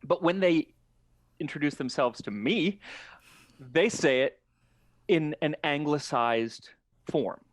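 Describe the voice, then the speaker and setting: A man talking as a podcast guest in casual chat, measured and thoughtful, often restarting his sentences. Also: on the high side, no room sound, studio quality.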